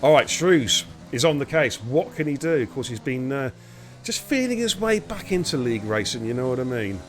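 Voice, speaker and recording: A man's voice: mid-range voice, very animated, normal speed. A man hosting and calling a live sim racing stream, chatty and teasing, greeting viewers by name. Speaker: lead commentator and host.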